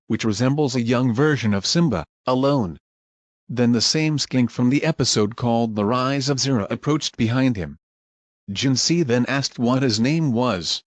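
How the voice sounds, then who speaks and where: Man, scripted narration, plain even recounting, mid pitch, dry close sound. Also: no room sound.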